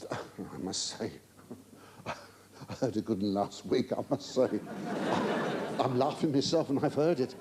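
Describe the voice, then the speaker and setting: A man's voice: mid-range voice, lively intonation, a little slow, pauses often. A man doing live stand-up in a theatre, stammering through flustered asides and mock-indignant denials while he teases the audience. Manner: chatty, teasing the audience. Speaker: stand-up comedian. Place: large theatre stage before a live audience. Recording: live theatre recording with audience laughter and hiss.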